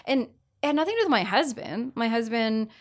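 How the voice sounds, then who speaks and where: A woman's voice: a little high, expressive, fairly quick. A woman in casual podcast chat, telling candid personal stories with frequent restarts. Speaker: podcast guest.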